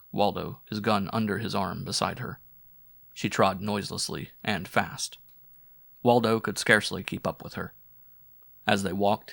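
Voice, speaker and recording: A man narrating a weird-fiction audiobook in measured, descriptive storytelling. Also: fairly low pitch, gravelly, fairly bright tone, dry recording, studio quality. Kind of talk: scripted narration.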